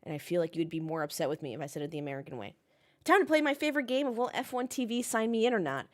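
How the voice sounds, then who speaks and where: A woman's voice: fairly low pitch, very fast. Chatty woman streamer talking with chat. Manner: chatty, reads out chat comments, rants with swearing. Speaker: livestream host watching a race with chat. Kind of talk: casual livestream chat. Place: home, in Melbourne.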